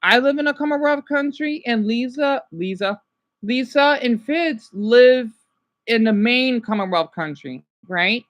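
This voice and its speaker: A tired woman from the United States talks casually to her livestream viewers. Her voice sits a little high, and she explains things patiently, drifting and trailing off now and then. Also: lively intonation, a little slow. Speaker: livestream host. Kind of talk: casual chat with viewers while watching a video.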